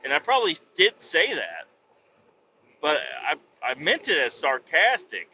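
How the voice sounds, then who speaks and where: A male podcast host rambles through a story, swearing freely and making sarcastic asides. His voice sits a little high and sounds very bright and cutting. The audio is dull and lo-fi, with faint noise behind it. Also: wildly swooping pitch, unhurried. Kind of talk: casual comic storytelling.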